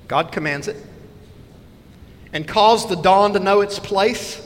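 Male preacher with a higher-pitched voice, earnest expository sermon, echoing church. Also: slow. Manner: earnest expository preaching, reading scripture aloud.

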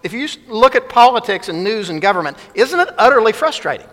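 A man with a high, bright, forceful voice preaches a sermon, pressing his points by repeating short phrases and reading scripture aloud. His voice rings with the long reverb of a large church hall. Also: very animated, quick pace. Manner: emphatic, repeats key phrases, quotes scripture. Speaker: pastor.

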